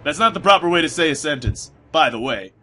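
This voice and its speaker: A man's voice: on the high side, expressive, fast talker, pushed and bright, husky. A man giving casual gameplay commentary, rambling and self-mocking, cursing at the game and slipping into a put-on British accent at times. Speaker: let's play commentator.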